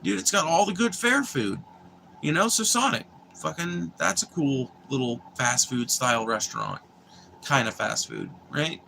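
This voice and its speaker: A man's voice: mid-range voice, very animated, moderate pace, vocal fry, bright, forceful tone, slight background noise. A young man, chatting casually and rambling with viewers on a livestream, swearing freely and restarting sentences. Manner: profane, meandering, restarts and filler words.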